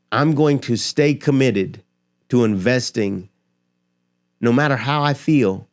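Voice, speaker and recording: A man speaking straight to his viewers in a motivational talk about money, emphatic and building his points with rhetorical questions and repetition. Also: fairly low pitch. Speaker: finance and motivation creator. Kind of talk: direct-to-camera motivational talk.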